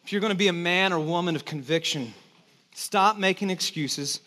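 A middle-aged man preaching a sermon, telling a personal story with lively acted-out exclamations and dropping low for solemn points. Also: normal speed, a little hiss or hum. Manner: animated storytelling, acts out his own panic with sudden loud exclamations. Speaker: pastor.

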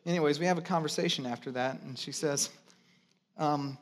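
A man with a notably high voice preaches a sermon with real passion. He leans on repetition, climbing loud and high to drive a point, then dropping to a near-hush for weight. It sounds like a pastor speaking straight to his congregation. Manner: impassioned preaching, swinging from loud and high to hushed and low; repeats phrases for emphasis, draws drawn-out quotes.

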